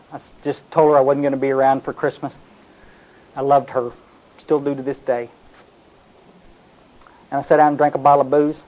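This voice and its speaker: A man from North Texas gives a confessional talk to a recovery meeting. His voice sits fairly high, and he keeps restarting sentences as he tells his story. The recording sounds muffled and lo-fi. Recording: dull, lo-fi recording.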